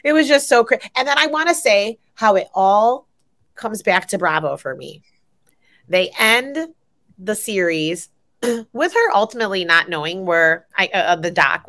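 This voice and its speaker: Excitable woman recapping gossip. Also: moderate pace. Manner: animated storyteller, swears freely, pitch jumps high when excited. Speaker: podcast co-host. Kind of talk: casual pop culture chat.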